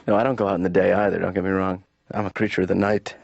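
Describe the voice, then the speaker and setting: A lazy cartoon son with a very low, gravelly voice, mumbling everything in flat deadpan. The sound is dull and dry, like an old TV cartoon track. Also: male voice, rapid-fire, dry recording, soft background music. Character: lazy young adult son, night owl, deadpan. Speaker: therapist's son.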